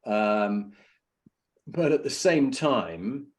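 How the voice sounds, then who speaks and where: A middle-aged man from the United Kingdom hosts an interview podcast, his voice sitting in an ordinary middle pitch. He winds his way through supportive questions, restarting and filling pauses as he goes. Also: lively intonation. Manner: rambling, supportive questions with many fillers and restarts. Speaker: podcast host. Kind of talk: interview conversation.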